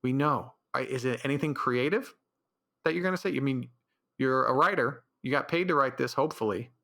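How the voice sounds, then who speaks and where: A man's voice: mid-range voice, a little fast, gravelly, fairly bright tone. A man hosting his own podcast, rambling through his opinions in an offhand ranting way, with frequent restarts. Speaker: podcast host. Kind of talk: casual solo podcast monologue.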